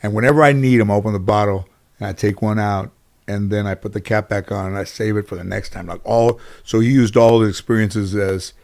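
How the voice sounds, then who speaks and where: A man's voice: lowish voice, steady tone, brisk, vocal fry, a little mellow. A middle-aged American man, a comedian and actor, telling stories as an interview guest in a casual, rambling way, full of fillers and restarts.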